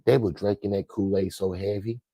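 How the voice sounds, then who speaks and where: A man's voice: deep voice, steady tone, fairly quick, mellow, no room sound. A man hosting a sports commentary show, ranting in a profane, emphatic way and repeating his points. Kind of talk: fiery sports rant.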